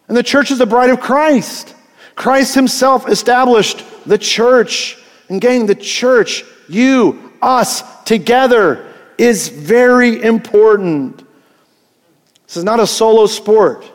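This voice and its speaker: A middle-aged man preaching in a high voice, now and then pushing to near shouts to drive his point home. He keeps asking his congregation questions. His sermon rings out through a big sanctuary with a long echo. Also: slow pace. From Eastern Kentucky. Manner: animated preaching, asks the crowd questions, rises to near shouts. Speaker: pastor. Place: large church sanctuary. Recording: long reverb of a big hall.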